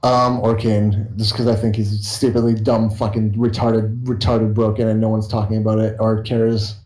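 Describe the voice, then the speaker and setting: A man's voice: fairly low pitch, flat delivery, moderate pace, a little mellow. A tired young man rambling casually and swearing freely as he chats with his viewers. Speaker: YouTuber streaming to viewers. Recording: roomy echo.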